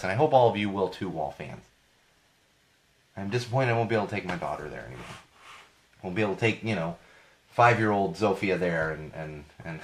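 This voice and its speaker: A man in his thirties with a hoarse voice from a cold, hosting a podcast in a casual rambling monologue that repeats phrases for emphasis. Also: lowish voice, a little hiss or hum. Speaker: podcast host.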